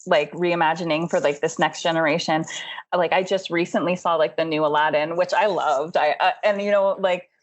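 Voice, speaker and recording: A woman's voice: low-pitched, fairly even intonation, fairly quick. A young adult woman co-hosting a podcast in casual chat, rambling and filling her talk with "like.". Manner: rambling, says "like" constantly, laughs often. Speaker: podcast co-host.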